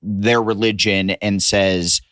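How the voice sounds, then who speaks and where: A man on a podcast as a comedian guest, telling stories in a lively, profane, casual way. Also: fairly low pitch, slow, dry recording, clean studio sound. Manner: animated, profane storyteller.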